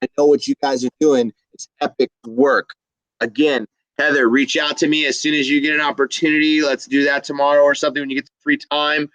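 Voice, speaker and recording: Upbeat male stream host, slightly high voice, dry close sound, chatty. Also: level tone, fairly quick, fairly bright tone, no room sound, rough recording. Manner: upbeat, enthusiastic, reads chat aloud. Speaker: livestream host. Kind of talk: casual livestream chat.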